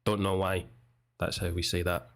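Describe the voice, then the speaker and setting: A man from Scotland with a Scottish accent, teaching English in a relaxed, chatty way as he comments on a video. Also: low voice, moderate pace. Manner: relaxed, chatty, explains pronunciation.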